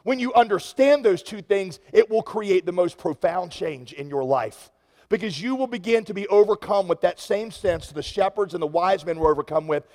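A male pastor preaching with a fairly high voice and a gravelly edge, running through an anecdote in a relaxed, conversational way before swelling into passion. His sermon rings out with the long reverb of a large hall. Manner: storytelling, conversational, impassioned builds.

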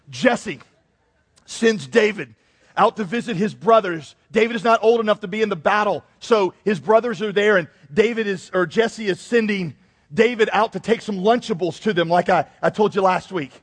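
Pastor guy cracking jokes in his sermon, fairly high voice, lots of hall echo. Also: slightly rough. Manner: joking, conversational, animated. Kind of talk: humorous sermon. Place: church sanctuary. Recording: long reverb in a large hall.

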